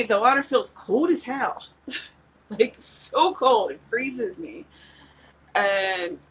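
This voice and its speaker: Slow, giggly woman chatting on a livestream. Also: medium pitch, a bit bright, slightly rough, rough recording. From West Virginia. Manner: chatty, giggly and rambling, reacting aloud to viewers. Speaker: author hosting a live writing session. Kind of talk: casual livestream chat.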